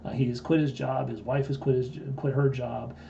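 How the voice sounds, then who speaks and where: Fifties male stream host, gravelly, blunt and boastful, lo-fi audio. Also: mid-range voice, flat delivery, normal speed, dark tone, slight background noise. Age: 50s. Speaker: live-stream host and trading teacher. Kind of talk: casual live-stream storytelling.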